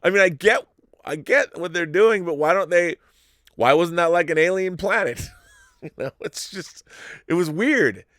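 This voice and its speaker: A man hosting a live-stream show, reading viewer messages and riffing on them in a rambling, animated way with frequent restarts. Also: sits high, moderate pace, no room sound, studio quality. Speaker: show host reading viewer super chats. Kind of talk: casual live-stream commentary.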